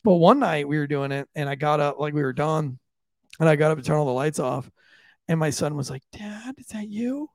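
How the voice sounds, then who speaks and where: A man's voice: a little high, steady tone, fairly quick, dry recording, clean studio sound. A man in his thirties co-hosting a podcast, rambling with lots of fillers as he tells family stories. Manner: rambling, filler-heavy, yelling quotes. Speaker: podcast co-host. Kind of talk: casual chat.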